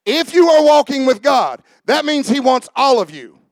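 A pastor preaching a sermon, quizzing the congregation and often shouting. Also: male voice, very high voice, big pitch swings, moderate pace, dry recording, clean studio sound.

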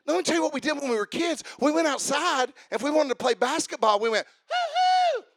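A man preaching a sermon, joking with the congregation and building to shouted emphasis. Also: extremely high pitch, fast talker, dry recording. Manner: humorous, calls out to the congregation.

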